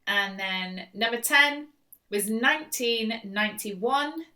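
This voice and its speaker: A woman's voice: on the high side, takes it slowly, pushed and bright. A woman hosting a live-stream quiz, reading out questions and repeating them in a chatty, teasing way. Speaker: quiz host. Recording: voice distant from the mic.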